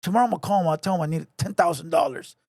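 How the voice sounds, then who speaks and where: A man delivers a heated, taunting rant to camera from a home garage. His voice sits high, and he hammers the same lines over and over. The sound is dry and close, with little room around it. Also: very fast, darkish tone, no room sound. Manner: taunting, repetitive, confrontational. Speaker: online commentator.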